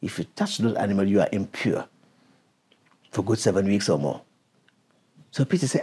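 A man's voice: lowish voice, sing-song, moderate pace, long pauses, darkish tone, breathy edge. A man preaching and teaching a Bible passage, stopping the reader to explain verses and question her.

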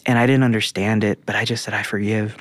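A man's voice: lowish voice, fairly even intonation, fast talker, dry recording. A man, a guest prophet, telling his testimony in an interview with earnest storytelling. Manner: earnest storytelling with quoted dialogue.

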